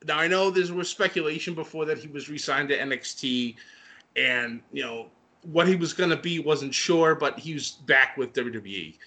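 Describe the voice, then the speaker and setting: A man chatting casually and excitedly as he recaps a wrestling show, with lots of fillers and laughter. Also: a little high, moderate pace. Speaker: wrestling podcast co-host.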